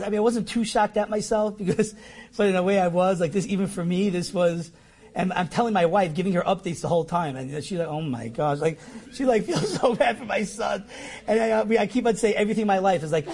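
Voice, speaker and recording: A middle-aged man with a fairly high voice recounts a personal anecdote. He is animated and self-mocking, and he acts out his own lines as he tells it. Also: a little fast, creaky. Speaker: storyteller. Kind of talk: personal anecdote told to an audience.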